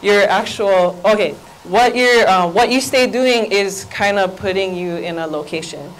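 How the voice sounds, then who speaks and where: A woman's voice: mid-range voice, measured pace, low-quality recording. A woman with a Hawaii accent giving a playful workshop presentation as a Hawaiian language teacher, getting the audience to repeat phrases aloud.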